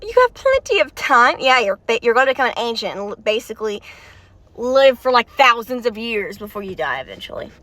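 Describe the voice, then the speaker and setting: A woman talking excitedly to her viewers in rambling reaction commentary, recorded inside a car. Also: fairly high pitch, brisk, no room sound. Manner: excitable, chatty, talks straight to viewers with frequent restarts. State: tired and warm. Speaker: video creator reacting to a game story.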